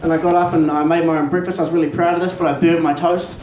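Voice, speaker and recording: A young man with a New Zealand accent doing a stand-up comedy set, deadpan, profane and self-mocking. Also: a little high, fast. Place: small pub stage. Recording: echoey pub room, mic far off, noisy.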